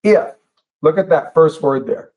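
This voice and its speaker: An earnest male pastor delivers a sermon in a church, his voice sitting in an ordinary middle register. He repeats himself for effect and slows right down when he wants a point to land. The recording is slightly dull and lo-fi. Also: mid-range voice, darkish tone. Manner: earnest, emphatic, repeats phrases and slows down for stress.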